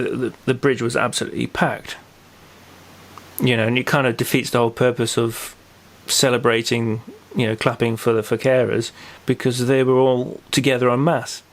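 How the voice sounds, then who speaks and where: A man hosting a local podcast in casual chat, rambling with many fillers and restarts. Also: medium pitch. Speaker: podcast host.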